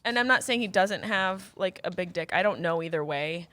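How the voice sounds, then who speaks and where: A woman's voice: lowish voice, lively intonation, normal speed, a bit bright. A woman guest comedian bantering and teasing in a casual chat.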